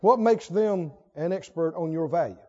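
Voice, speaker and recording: A male pastor preaching to a congregation, animated, often laughing and firing rhetorical questions at the audience. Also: a little high, normal speed. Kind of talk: sermon. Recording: dull lo-fi recording.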